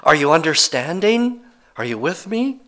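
Jesus, a preacher voicing a plain-spoken, exasperated teacher. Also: male voice, fairly high pitch, sing-song, normal speed, fairly bright tone. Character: Jesus, a patient but exasperated male teacher. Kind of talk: sermon.

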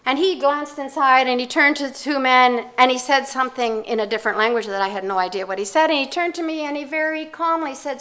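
An older woman with a somewhat high voice tells a personal story to an audience. She speaks in a measured, reflective way, pausing and restarting as she goes. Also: a bit bright. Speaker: speaker giving a talk.

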